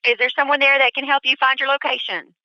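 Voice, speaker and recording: Calm reassuring woman dispatcher. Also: high voice, quick pace, no room sound. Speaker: 911 dispatcher. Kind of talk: emergency phone call. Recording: dry muffled phone call recording.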